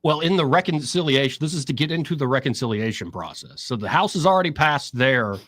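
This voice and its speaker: A man's voice: a little high, fast, dry recording, clean studio sound. A man hosting talk radio, explaining politics and mimicking what others say. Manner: explanatory, quotes others in an animated voice. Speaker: radio talk show host.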